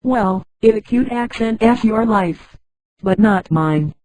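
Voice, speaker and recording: A computer-voiced woman reading the lines of a blunt, restless man who craves city life, in a flat delivery. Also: mid-range voice, takes it slowly, slight background noise, natural voice, rough recording.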